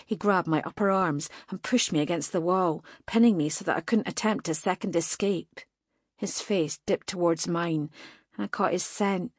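A woman narrating a first-person fantasy audiobook in a tense, even storytelling manner. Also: lowish voice, normal speed, no room sound, clean studio sound.

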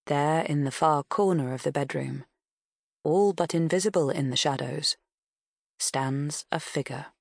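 Woman reading an audiobook, low voice, slow and steady, dry close sound. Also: gravelly, no echo. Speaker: audiobook narrator. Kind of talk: scripted audiobook narration.

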